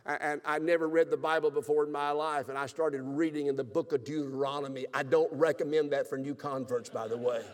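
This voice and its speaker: A man in his seventies preaching a revival sermon, telling his own story and swinging from loud exclaiming to hushed, tearful telling. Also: on the high side, flat delivery, fairly quick, hardly any pauses, in a large hall. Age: 70s. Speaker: pastor. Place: church sanctuary.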